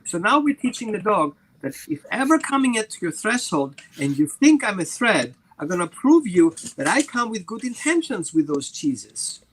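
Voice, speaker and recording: A man's voice: sits high, very animated, moderate pace, hardly any pauses, fairly bright tone, poor audio. A man, a dog trainer, explaining over a video call and acting out little scenes between dogs and people. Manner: voices the dog and people in quoted asides. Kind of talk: animated explaining with acted examples.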